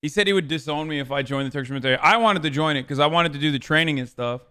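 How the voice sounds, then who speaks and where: Male streamer host, casual reaction talk, fairly high voice, sarcastic and crude. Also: racing, pushed and bright, clean tone. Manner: sarcastic, profane, joking.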